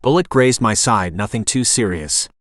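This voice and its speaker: A man's voice: on the low side, normal speed, no echo. Dawson: a man doing a drawling, wry hero. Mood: gentle. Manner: drawling, dry and calm. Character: cool young man, wry and protective.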